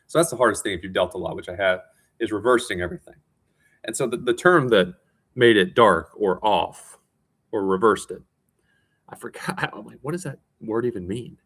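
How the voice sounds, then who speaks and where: A tired man talking in a casual, rambling monologue, self-mocking and quick to restart his sentences. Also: on the low side, a bit bright. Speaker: vlogger.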